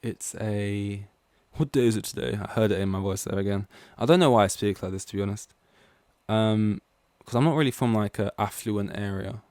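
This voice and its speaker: A man's voice: lowish voice, steady tone, moderate pace, darkish tone, clear, resonant tone, no room sound. A man from East London hosting a solo podcast, rambling casually and going off on tangents. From East London, England. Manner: rambling, goes off on tangents, heavy use of "like". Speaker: podcast host.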